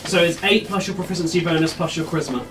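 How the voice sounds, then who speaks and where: High-voiced game master, a little off-mic. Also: male voice, fast, fairly bright tone, far from the mic, slight background noise, rough recording. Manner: explains rules step by step. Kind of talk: running a tabletop game.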